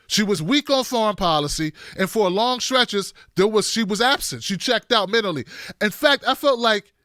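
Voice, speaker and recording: High, bright-voiced sarcastic male commentator. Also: moderate pace, no room sound, studio quality. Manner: animated, sarcastic, emphatic. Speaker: political commentator. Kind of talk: political commentary vlog.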